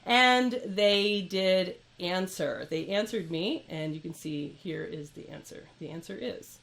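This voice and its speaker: A woman's voice: on the low side, a little slow, vocal fry, slight background noise. A woman who runs a repair shop, ranting to camera in an exasperated, incredulous way. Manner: exasperated, incredulous, lively with laughs. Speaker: repair shop owner and channel host.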